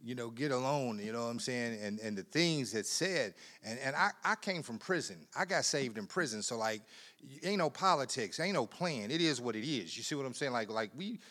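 A man preaching a sermon in a conversational way, repeating words, laughing often, and swinging from quiet asides to loud emphatic bursts. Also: mid-range voice, lively intonation, brisk.

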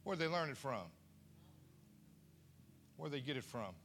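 Male preacher, storytelling sermon; animated and bright, quizzes the room directly. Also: fairly high pitch, measured pace. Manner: animated storyteller who acts out family voices and quizzes the crowd. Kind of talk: storytelling sermon to a live audience.

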